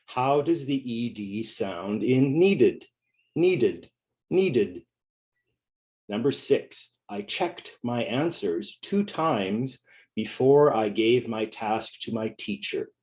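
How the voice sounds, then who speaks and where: A man's voice: mid-range voice, animated, takes it slowly, darkish tone. A middle-aged man teaching a pronunciation lesson, speaking carefully and repeating each word for learners.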